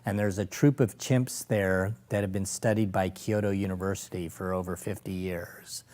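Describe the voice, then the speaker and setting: A middle-aged man with a fairly low voice tells his stories as an interview guest. He is animated, slipping into other people's voices and laughing along the way. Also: normal speed. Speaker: guest, safari operator and former lawyer. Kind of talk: anecdotal storytelling in conversation.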